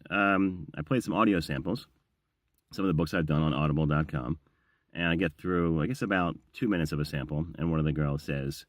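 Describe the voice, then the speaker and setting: Middle-aged male voice actor, low, animated delivery, casual storytelling vlog, dead-dry booth sound. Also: no echo. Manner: chatty, storytelling, self-deprecating. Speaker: voiceover actor and audiobook narrator.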